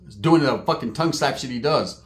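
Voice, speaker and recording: Slangy storyteller, crude and quick. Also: male voice, mid-range voice, animated. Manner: slangy, crude, laughing asides. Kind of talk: comedic storytelling. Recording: roomy echo.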